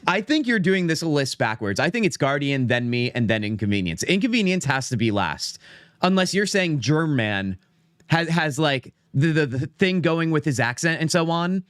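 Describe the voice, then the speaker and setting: A man's voice: a little high, big pitch swings, normal speed, a bit bright, smooth, no echo, studio quality. An American man streaming a game, rambling casually and reading menu options aloud as he plays. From United States. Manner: rambling, chatty, reads menus aloud. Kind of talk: casual gameplay commentary.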